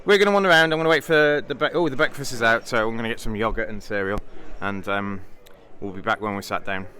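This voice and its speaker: A man's voice: lowish voice, quick pace, pushed and bright. A British man chatting casually in a vlog, rambling and thinking aloud with fillers and restarts. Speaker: vlogger, bridge player.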